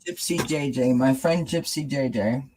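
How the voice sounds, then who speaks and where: A live-stream host talks through oracle cards in a loose, rambling way. The speech is casual and full of small fillers, at a mid pitch. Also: normal speed, noisy background. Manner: rambling and warm-hearted, with many fillers. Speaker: host of a tarot chat stream.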